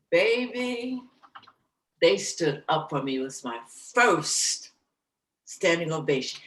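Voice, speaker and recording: A woman jazz singer being interviewed, telling her stories with lively, theatrical flair and acting out the quotes. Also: fairly low pitch. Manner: animated, theatrical storyteller who acts out quotes. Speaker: guest, jazz vocalist. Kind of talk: casual storytelling interview. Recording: roomy echo.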